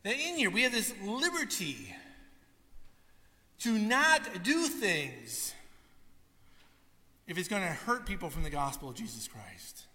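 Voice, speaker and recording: High-voiced pastor preaching in a reverberant hall. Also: male voice, slow, long pauses. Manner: animated storytelling, acts out quotes. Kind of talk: sermon.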